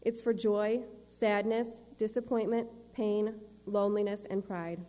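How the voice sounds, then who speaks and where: A woman's voice: medium pitch, steady tone, unhurried, dark tone, natural voice. Tireless male creator, as a woman reads him in her own voice for church storytelling, with long hall reverb. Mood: earnest. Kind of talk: read-aloud church storytelling.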